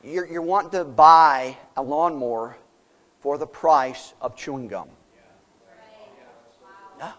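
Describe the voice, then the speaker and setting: A man's voice: a little high, slow pace, long pauses, a bit bright, lo-fi sound. A man preaching a sermon as pastor, emphatic and folksy, asking his listeners questions.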